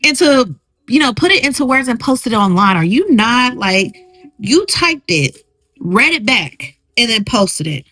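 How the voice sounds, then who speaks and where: Woman, podcast host, blunt and emphatic, bright fairly high voice. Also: sing-song, a little slow, no room sound, faint music behind, low-quality recording. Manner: blunt and emphatic, reacting to posts she reads aloud. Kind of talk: solo podcast commentary.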